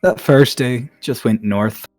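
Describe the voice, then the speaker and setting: A man's voice: medium pitch, takes it slowly, a little mellow, no room sound, faint music behind, close to an everyday voice. A man doing a blunt Cockney woman. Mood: offhand. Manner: clipped, offhand slang.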